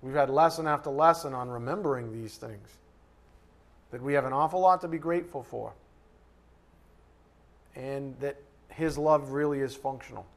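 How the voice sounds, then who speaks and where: A man's voice: mid-range voice, moderate pace, pauses often. A man teaching a Bible lesson in a conversational, joking way, rising to sudden emphasis. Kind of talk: sermon.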